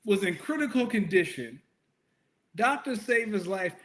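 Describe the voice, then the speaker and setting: A man's voice: high-pitched, animated, a little slow, fairly bright tone. A man co-hosting a podcast in casual chat, bantering in a profane, incredulous way.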